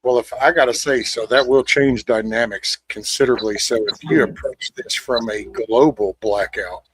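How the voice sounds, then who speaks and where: Husky-voiced man, blunt and profane. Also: medium pitch, moderate pace, a bit bright, no room sound, low-quality recording. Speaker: show host. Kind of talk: casual chat.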